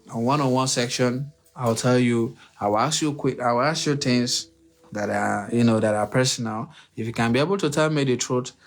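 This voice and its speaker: A man hosting a livestream, giving relationship advice in an unscripted monologue. He repeats his points, asks his own rhetorical questions and speaks straight to his listeners. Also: mid-range voice. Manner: preachy, repetitive, uses rhetorical questions; addresses listeners directly and emphatically.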